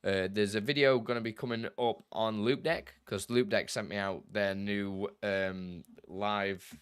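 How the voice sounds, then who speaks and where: A man's voice: fairly low pitch, fairly even intonation, unhurried, clear, resonant tone, no echo, studio quality. A young man chatting casually on a live stream, greeting viewers by name and laughing easily as he takes tech questions.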